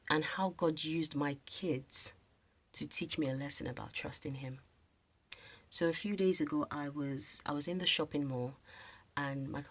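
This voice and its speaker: A woman telling a personal faith story late at night while unable to sleep, speaking earnestly and sometimes dropping to a hushed whisper. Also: low voice, breathy edge. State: sleepless in the small hours. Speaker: women's ministry speaker.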